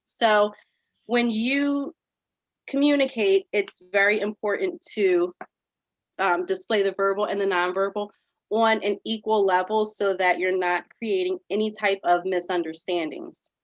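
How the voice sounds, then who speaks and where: A woman teaching kids in an upbeat, animated virtual after-school lesson, sometimes reading a passage aloud. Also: mid-range voice, measured pace, no echo, highs cut off.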